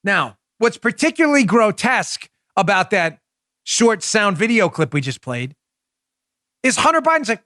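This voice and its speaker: A man's voice: high voice, very animated, normal speed, pushed and bright, no echo, studio quality. A man hosting a political talk show, delivering an indignant, mocking monologue. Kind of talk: opinionated monologue.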